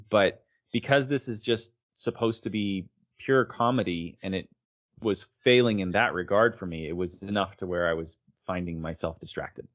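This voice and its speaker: A man co-hosting a podcast, giving a measured, thoughtful review in casual chat. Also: lowish voice, fairly bright tone. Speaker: podcast co-host.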